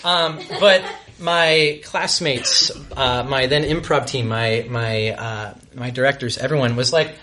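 Bright-voiced man telling a comic story. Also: medium pitch, a little hiss or hum. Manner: self-mocking, halting, many restarts. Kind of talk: comic storytelling on a live stage. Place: live show before an audience.

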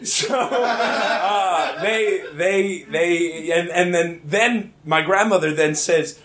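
A young man from Virginia telling a rambling, animated comic story live. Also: sits high, very slow, hardly any pauses. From Richmond, Virginia, US. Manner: animated, rambling, self-amused. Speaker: comedic storyteller. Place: theater lounge. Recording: roomy theater lounge.

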